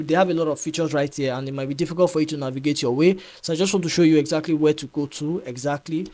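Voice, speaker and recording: A man explains software in a casual screen-recorded tutorial, his voice sitting a little higher than most men's. He talks in a loose, repetitive way, filling gaps with "um" and checking in with "right?". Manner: chatty, repeats himself, frequent fillers and "right?" checks. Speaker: tutorial host.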